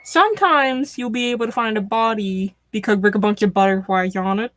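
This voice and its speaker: A woman's voice: mid-range voice, a little fast, no echo. A woman as a stream guest, chatting casually and telling morbid stories with dry humor. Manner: storytelling, morbid deadpan humor.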